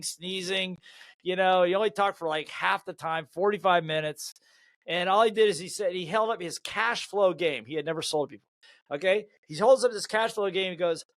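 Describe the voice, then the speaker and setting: High-voiced older man telling stories. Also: dry recording. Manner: lively anecdotal storyteller who laughs at his own stories. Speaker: guest, sales trainer and author. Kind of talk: storytelling in an interview.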